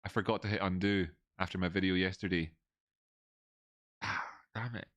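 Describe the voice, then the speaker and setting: A man's voice: sits low, fairly even intonation, normal speed, a bit bright, no echo, muffled recording. A man with an Edinburgh Scottish accent hosting a casual livestream, rambling with frequent restarts as he thanks viewers. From Scotland. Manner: rambling, restarts often, reads out donor messages. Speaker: livestream host.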